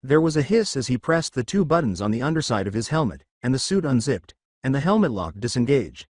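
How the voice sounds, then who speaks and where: A man narrating a fan story in a steady reading voice. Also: medium pitch, brisk, no room sound, studio quality. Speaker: fanfiction narrator.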